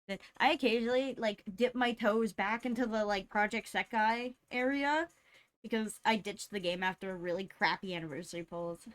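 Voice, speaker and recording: A woman streamer chatting casually with her live chat, greeting viewers by name and laughing often. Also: medium pitch.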